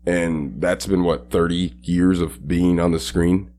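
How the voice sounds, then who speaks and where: A man's voice: deep voice, fairly even intonation, unhurried, mellow. A man co-hosting a casual movie podcast, rambling with hesitant fillers and crude jokes. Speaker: podcast co-host.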